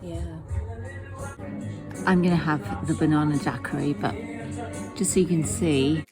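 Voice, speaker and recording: A woman's voice: sits low, steady tone, a little slow. A woman, a food vlogger, chatting casually and self-deprecatingly to camera. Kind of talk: casual vlog narration. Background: background music.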